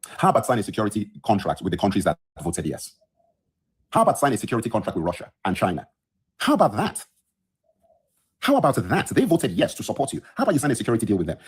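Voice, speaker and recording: Racing and very animated, a podcast host's husky, low-side voice fills a heated solo livestream rant. He's just woken up and speaks into his phone from his bedroom, indignant, emphatic, and repeating lines for effect.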